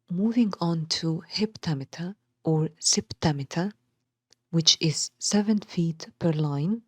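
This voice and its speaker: Woman, literature teacher, lowish breathy half-whisper, slow deliberate verse reading, dry close sound. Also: dry recording. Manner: reads verse slowly and marks each stressed syllable. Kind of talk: recorded lesson explaining poetic meter.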